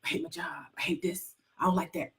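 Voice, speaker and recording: A woman voicing a whiny grown man who moans about his job in a low, half-whispered mumble. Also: steady tone, quick pace, creaky, distant mic. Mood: whining.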